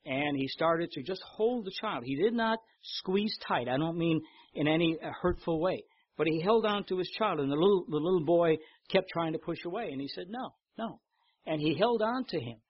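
Older husky man preaching a sermon. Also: fairly high pitch, moderate pace, no echo, muffled recording. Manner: storytelling, animated in anecdotes, repeats words. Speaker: pastor.

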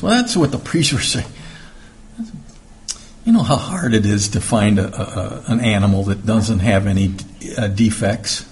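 A man's voice: fairly low pitch, lively intonation, measured pace, darkish tone. A man teaching through scripture verse by verse in a conversational sermon, with plenty of fillers and restarts, who acts out the voices in the passages he reads. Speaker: Bible teacher. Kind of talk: verse-by-verse Bible study sermon.

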